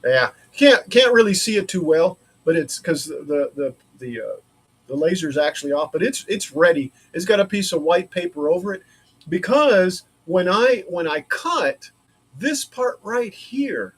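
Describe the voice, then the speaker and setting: A man's voice: high voice, expressive, measured pace, slightly rough. A man chatting casually on a livestream from his woodworking shop, rambling and thinking aloud as he works. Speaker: maker streaming a laser-cut build.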